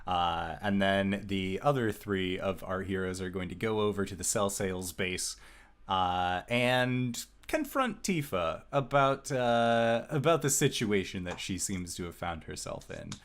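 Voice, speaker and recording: A man narrating as game master of a tabletop game, slow with many filler sounds. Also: sits low, lively intonation, fairly bright tone.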